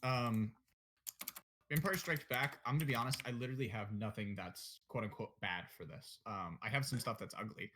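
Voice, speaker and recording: A man's voice: mid-range voice, normal speed, noisy background. A young man co-hosting a casual podcast chat, blunt and opinionated, swearing and joking as he goes. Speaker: podcast co-host.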